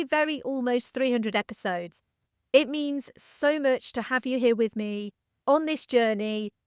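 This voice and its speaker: A woman's voice: high voice, clean tone, no echo, clean studio sound. A woman hosting a film podcast, reading a scripted welcome in an earnest, grateful way. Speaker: podcast host.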